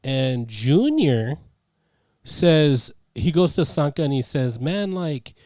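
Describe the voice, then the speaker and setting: Young guy on a movie podcast, mellow dark voice, keeps restarting as he retells the scene, dry sound. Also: mid-range voice, slow, no echo. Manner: animated retelling with frequent restarts and fillers. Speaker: podcast co-host. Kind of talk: casual movie review chat.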